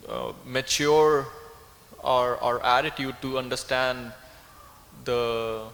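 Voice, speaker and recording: Guy giving a scripture class in a big echoey temple hall, thinks out loud, mid-pitched voice. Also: flat delivery, slow, gravelly. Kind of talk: reflective class talk.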